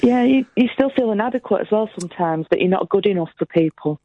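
A woman's voice: mid-range voice, lively intonation, quick pace, no echo. A woman calling in to a radio show, speaking candidly and earnestly. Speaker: caller. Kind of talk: phone-in call. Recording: tinny phone line.

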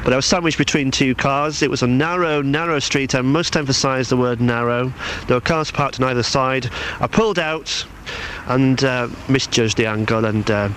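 A man's voice: mid-range voice, moderate pace, a bit bright. A man doing radio street interviews outdoors, playfully confessing and provoking passers-by. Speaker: radio reporter doing street vox pops. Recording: outdoor field recording with traffic. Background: street traffic.

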